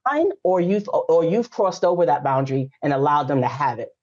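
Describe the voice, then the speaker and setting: A woman's voice: deep voice, brisk. A woman in her forties, a guest coach on a podcast, telling stories in a frank and emphatic way. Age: 40s. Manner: lively storytelling, frank and emphatic. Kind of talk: casual podcast conversation. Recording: slightly dull lo-fi audio.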